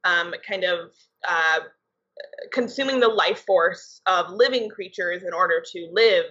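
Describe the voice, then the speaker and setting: On dull lo-fi podcast audio, a young adult woman who co-hosts and works as a writer and editor explains things in a loose, casual, conversational way. Her voice is fairly low, husky, pushed and bright, and unhurried.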